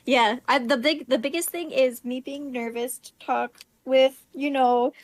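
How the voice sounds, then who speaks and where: Woman, higher pitch, giggles, trails off, no room sound. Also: fairly even intonation, unhurried, dry recording. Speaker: streamer guest. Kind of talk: casual chat.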